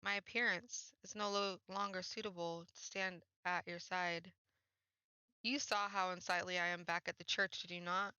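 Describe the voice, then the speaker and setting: Woman voicing a sorrowful, ashamed young woman, soft and mournful, visual novel read-aloud. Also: on the low side, little pitch movement, moderate pace, clean tone, no echo. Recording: dull, slightly muffled dry recording.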